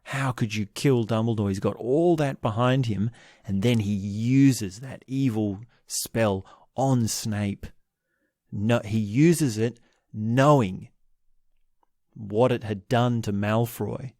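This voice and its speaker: Slow, reflective male podcast host. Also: lowish voice, dark tone, dry recording, studio quality. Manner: slow, reflective, halting with restarts. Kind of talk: book commentary monologue.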